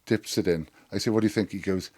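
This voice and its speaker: Deep-voiced and quick-talking, this middle-aged podcast guest launches into a rowdy storytelling anecdote. He tells it with animation and plenty of swearing.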